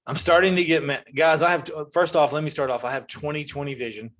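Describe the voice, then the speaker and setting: Man, 40s, comedy host, ranting monologue with high outbursts. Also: fast talker. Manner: ranting, animated, jumps to high-pitched outbursts.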